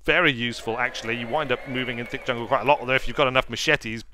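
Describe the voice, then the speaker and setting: Playful, bright-voiced male gamer. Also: mid-range voice, fairly even intonation, very fast, a little hiss or hum. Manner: playful, jokey, self-mocking. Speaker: let's play host. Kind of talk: gameplay commentary.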